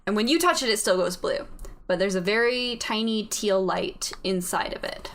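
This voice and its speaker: A woman's voice: medium pitch, moderate pace. A woman narrating as game master, describing scenes with many fillers.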